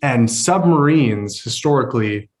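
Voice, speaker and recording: A man co-hosting a podcast walks through his points one step at a time, in an even, methodical way. His voice sits at an ordinary middle pitch. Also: measured pace. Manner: explains with step-by-step lists. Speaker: podcast co-host. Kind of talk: casual podcast chat.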